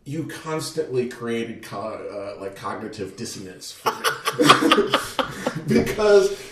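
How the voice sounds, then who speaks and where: A man hosting a casual chat, relaxed and chuckling as he rambles through stories. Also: medium pitch, slow pace, recorded from a distance. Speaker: podcast host. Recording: roomy echo.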